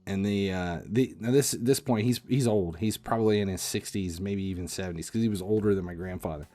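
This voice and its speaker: A man's voice: low voice, a little fast, dark tone. A man in his forties casually telling a long personal story as a streamer, rambling with lots of restarts and fillers.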